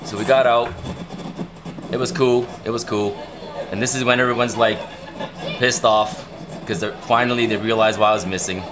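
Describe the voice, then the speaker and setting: A man's voice: medium pitch, fairly even intonation, moderate pace, pauses often, a crowd in the background. A young man casually telling a rambling story to his livestream viewers, repeating himself as he goes. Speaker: livestream host.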